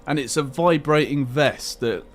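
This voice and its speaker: A man's voice: mid-range voice, unhurried, soft background music. A man hosting a livestream, chatting casually and bluntly, laughing easily and swearing now and then. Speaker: livestream host. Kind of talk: casual chat. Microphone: headset.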